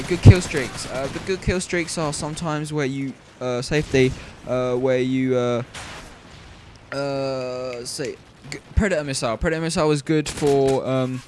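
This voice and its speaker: A man's voice: mid-range voice, a little slow, background noise. A man giving gameplay commentary, rambling, stumbling over words and apologizing often. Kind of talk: video game commentary.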